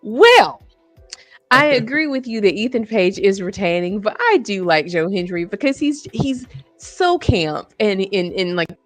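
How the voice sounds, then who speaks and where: A woman's voice: medium pitch, sing-song, unhurried, faint music behind. A woman co-hosting a podcast, chatting casually and agreeably, easily amused. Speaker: podcast co-host. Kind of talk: casual wrestling predictions chat.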